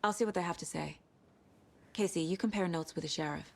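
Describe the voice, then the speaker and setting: An actress playing a young, composed female federal agent in a video game, speaking briskly. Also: on the low side, vocal fry, a little hiss or hum. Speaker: game character.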